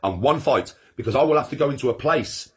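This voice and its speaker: A man's voice: mid-range voice, lively intonation, fast, slightly rough. A middle-aged man chatting on a live stream, boastful, crude and rambling, laughing often. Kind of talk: boastful casual chat with friends.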